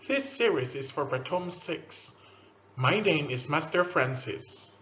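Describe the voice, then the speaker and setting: A man teaching a scripted science lesson to young learners, slow and animated, with drilled repetition and loud praise. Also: on the high side, a little hiss or hum. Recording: dull lo-fi recording.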